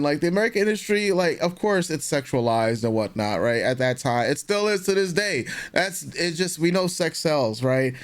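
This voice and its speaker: A man co-hosting a music reaction video, chatting in a laid-back, slangy way. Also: on the high side. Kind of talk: casual reaction chat.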